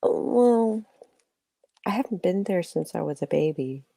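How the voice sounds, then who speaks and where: A woman voicing a shy, traumatized young boy who speaks quietly and hesitantly. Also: lowish voice, expressive, unhurried, gravelly, no room sound, heavily acted. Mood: timid.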